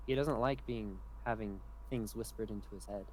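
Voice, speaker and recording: A man narrating as game master for a streamed tabletop game, calm and measured, with dry jokes. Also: fairly low pitch, a little hiss or hum, low-quality recording.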